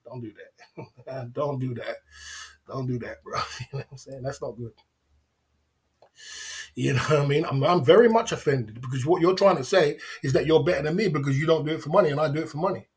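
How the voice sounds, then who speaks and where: Man, livestream host, taunting, repetitive, higher-pitched voice. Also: quick pace. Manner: taunting, repetitive, laughs often. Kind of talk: livestream rant at chat.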